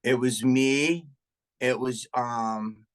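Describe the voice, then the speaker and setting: A middle-aged man, a comedian and podcast guest, telling profane, animated stories in casual chat and acting out what people said. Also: medium pitch, drawn-out words, clear, resonant tone. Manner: profane, animated anecdote telling with acted-out quotes.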